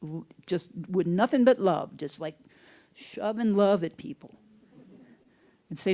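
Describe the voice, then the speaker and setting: Minister type, relaxed sermon delivery, homespun storyteller. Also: medium pitch, normal speed, vocal fry. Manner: conversational, folksy storytelling. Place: church sanctuary, also streamed online.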